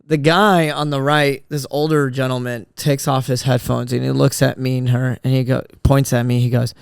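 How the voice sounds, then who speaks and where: A man in his thirties tells a long, rambling story on his solo podcast, circling back and restarting as he goes. His voice is smooth and clear, and the studio sound is dry and close. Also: medium pitch, normal speed, no echo. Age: 30s. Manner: rambling, animated storyteller with many restarts and fillers. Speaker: podcast host.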